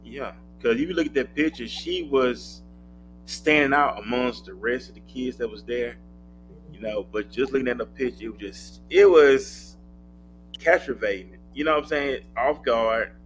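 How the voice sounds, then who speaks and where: A man hosting a casual talk show at a mid pitch, asking questions in a relaxed, measured way. Music plays clearly behind his voice throughout. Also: rough recording. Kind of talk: casual interview chat.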